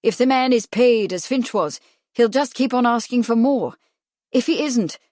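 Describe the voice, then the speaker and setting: A woman voicing an agitated, pompous young gentleman who talks in an insistent, commanding way. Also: a little high, expressive, moderate pace, no room sound, clean studio sound, pitched above the performer's own voice, close to an everyday voice.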